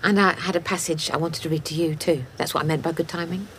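A woman's voice: sits low, steady tone, fast talker, a bit bright, a little hiss or hum. An eager churchgoing woman. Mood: earnest.

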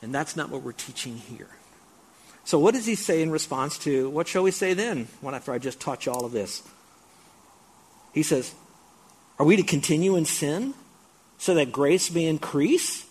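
A man's voice: a little high, expressive, a little fast, slightly rough. A male pastor preaching a sermon, emphatic, breaking into mocking raised-voice asides.

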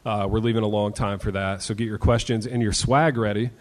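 A man's voice: fairly low pitch, fairly even intonation, a little fast. A man hosting a live podcast before an audience. He announces the plans for the evening and teases his co-hosts, calling them baby. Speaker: host. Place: live stage show in a hall. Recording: live hall with long reverb.

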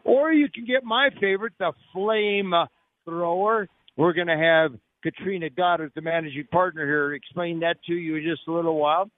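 With a little high voice at normal speed, a man hosting live radio from a restaurant talks it up in a jokey, salesman-like way. The sound is narrow and dry, like radio over a phone.

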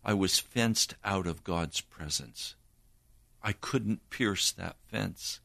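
An older man recounts a personal testimony with slow, deliberate earnestness. His voice sits somewhat low, and the sound is close and dry. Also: gravelly, sharp tone, no room sound. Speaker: preacher.

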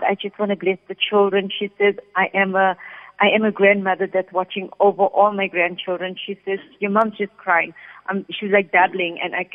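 A woman working as a psychic medium, calmly relaying messages during a radio reading. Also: mid-range voice. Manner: calm, steady, relays messages in first person. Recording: phone-like sound with long reverb.

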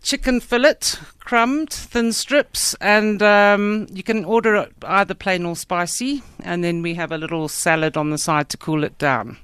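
A woman's voice: mid-range voice, measured pace, few pauses, a bit bright, clean tone, no room sound. A woman, founder of a food shop, describing her menu as a guest in a radio studio. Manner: friendly, plain, lists menu items. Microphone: studio microphone.

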